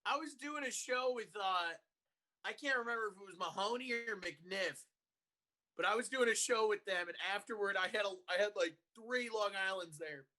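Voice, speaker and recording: Bright-voiced man chatting casually. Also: high voice. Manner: quick to laugh and chime in. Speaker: podcast co-host and comedian. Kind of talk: casual chat.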